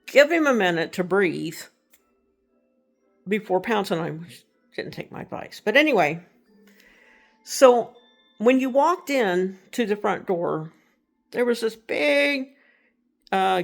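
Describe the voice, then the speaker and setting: Rambling woman telling a ghost story, gravelly. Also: lowish voice. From Texas. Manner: rambling, self-correcting, conversational. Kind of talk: casual spoken storytelling.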